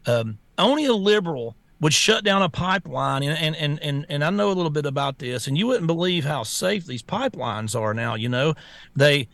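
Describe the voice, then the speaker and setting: Gravelly blunt-talking male talk host. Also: on the high side, normal speed, dry recording. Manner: blunt, repetitive restarts, animated rants. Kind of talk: political talk show chat.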